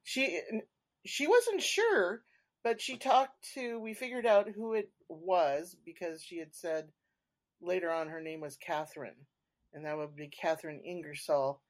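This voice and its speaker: A woman's voice: lowish voice, measured pace. A woman being interviewed as a paranormal investigator, recounting her experiences casually and unhurriedly, with fillers and restarts. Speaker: podcast guest, paranormal investigator.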